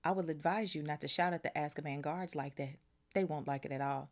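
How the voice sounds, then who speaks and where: A woman voicing a cold, sneering aristocratic wizard man with a breathy, half-whispered delivery. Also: sits low, a little fast. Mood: smooth.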